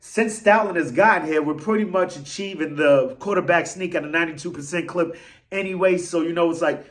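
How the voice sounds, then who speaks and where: A man rants in his fan vlog, his voice sitting high and jumping about with excitement. He rambles, drops slang and pokes fun at himself as he goes. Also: fairly quick. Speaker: vlog host.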